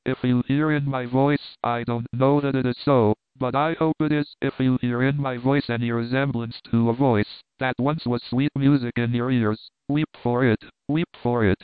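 A man's voice: mid-range voice, fairly even intonation, moderate pace, few pauses, clean tone, dry recording, lightly acted. A man reading the lines of a devoted young woman, earnest and pleading, heard over a tinny phone-like line. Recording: dry tinny phone-like sound.

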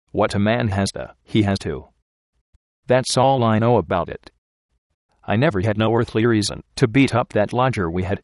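A blunt, rough-spoken young working man with a plain, ungrammatical folksy way of talking, as a male audiobook reader gives him voice. His low voice sounds close and dry. He is earnest and unpolished. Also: no room sound, lightly acted. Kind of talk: audiobook character reading.

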